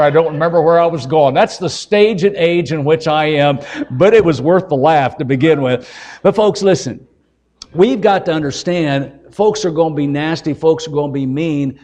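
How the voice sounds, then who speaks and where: A man's voice: a little high, darkish tone. Older man preaching a folksy sermon. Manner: folksy, joking, emphatic preaching. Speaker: evangelist preacher.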